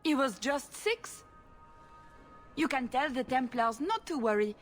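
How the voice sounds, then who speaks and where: High, swooping French countess, theatrical and evasive, game voice. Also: female voice, expressive, a little slow, soft background music. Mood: flustered. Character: fussy aristocratic countess, middle-aged woman, flustered. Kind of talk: video game voice acting.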